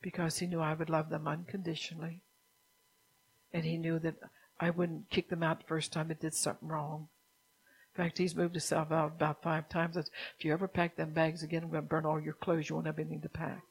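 Gravelly, husky woman preaching a sermon. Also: low-pitched, flat delivery, brisk, poor audio. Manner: keeps asking the listeners if they understand; drops at times into a soft whisper.

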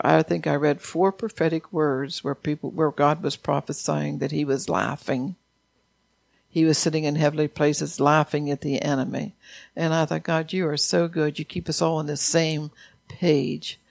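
A man preaching a sermon in a church, reading scripture and prophetic words with earnest emphasis and growing louder when he quotes God. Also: on the high side, level tone, normal speed, creaky, dry recording. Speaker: pastor.

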